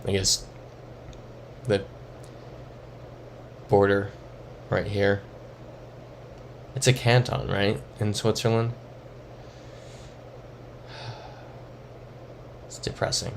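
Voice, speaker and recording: Slow-talking low-voiced young man. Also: fairly even intonation, a little hiss or hum. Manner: muttering, thinking aloud, reading chat. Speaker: streamer. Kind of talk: casual live-stream commentary.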